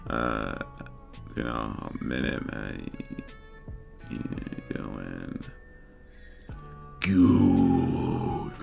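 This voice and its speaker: A man with a low, fairly bright voice hosts a casual livestream chat. As livestream host, he rambles, laughs and trails off mid-thought.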